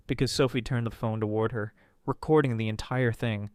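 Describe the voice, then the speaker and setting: Male storyteller, smooth and resonant, close dry mic, dramatic first-person read. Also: fairly even intonation, fairly quick, few pauses, darkish tone, dry recording. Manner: dramatic, voices characters with pitch jumps. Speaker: story narrator.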